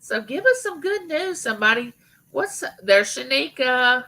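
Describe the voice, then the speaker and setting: A woman's voice: high voice, big pitch swings, a little slow, sharp tone, low-quality recording. A middle-aged woman from Mississippi with a Southern accent, hosting a casual live chat and greeting viewers by name. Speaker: YouTube channel host.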